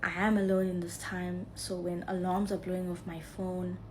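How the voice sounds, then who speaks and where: A South African woman gives an earnest, measured update in a vlog. Her voice sits at a middle pitch, with faint background noise. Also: level tone, poor audio.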